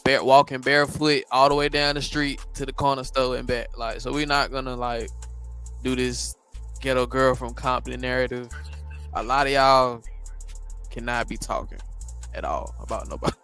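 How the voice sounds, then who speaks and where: A man giving blunt reaction commentary, animated and talking straight to his audience. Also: medium pitch, moderate pace, clean tone, soft background music. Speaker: commentary host.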